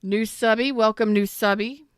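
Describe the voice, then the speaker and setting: A woman's voice: on the high side, steady tone, moderate pace, smooth, no room sound, studio quality. A woman doing a live tarot reading on a stream, chatty and slangy, greeting viewers by name and repeating herself. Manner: swears casually, slangy.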